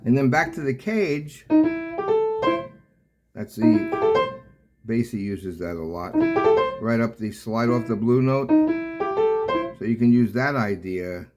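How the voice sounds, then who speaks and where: An older man teaching piano in a casual, rambling way, halting often with fillers and restarts. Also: medium pitch, animated. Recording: loud piano playing throughout.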